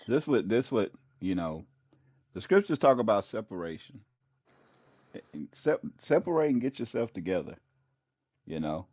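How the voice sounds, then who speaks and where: A man's voice: on the low side, sing-song, normal speed, pauses often, a little mellow, dry recording, muffled recording. A man as host giving casual, rambling relationship advice, with "you know" in nearly every thought.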